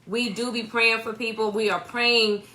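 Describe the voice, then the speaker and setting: A woman's voice: on the high side, flat delivery, normal speed, pushed and bright. A woman in her thirties co-hosting a casual church livestream from home, greeting viewers by name and chatting.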